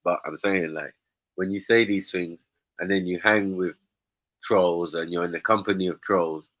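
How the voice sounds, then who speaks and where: A man with a lowish but bright, forceful voice, teasing his guest on a live stream. The sound is dry and close. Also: steady tone, moderate pace, no room sound, dull audio. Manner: teasing, probing. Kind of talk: casual chat.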